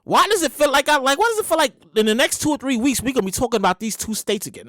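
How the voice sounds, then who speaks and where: A woman hosting a podcast in a casual comedic monologue, animated and emphatic, full of slang and swearing. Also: high-pitched, very fast, hardly any pauses, no echo. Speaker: podcast host.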